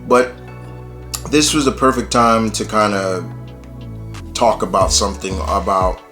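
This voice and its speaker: Low-voiced man rambling about wrestling. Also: measured pace, pushed and bright, faint music behind. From New York. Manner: loose, rambling, many fillers. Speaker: YouTube host. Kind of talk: casual wrestling commentary vlog.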